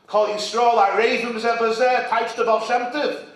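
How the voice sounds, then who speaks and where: A rabbi giving an impassioned sermon at an event, swinging from shouts to near-whispers and using Hebrew and Yiddish terms. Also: male voice, very high voice, steady tone, a little slow. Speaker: rabbi and speaker. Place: event hall. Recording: echoey hall from far off.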